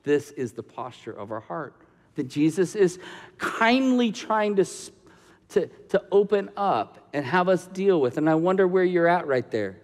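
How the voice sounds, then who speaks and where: A male pastor delivers a sermon in a noticeably high voice, moving between loud, emphatic points and soft, hushed stretches. His words ring out with a long reverberation, as in a large church sanctuary. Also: sing-song, measured pace.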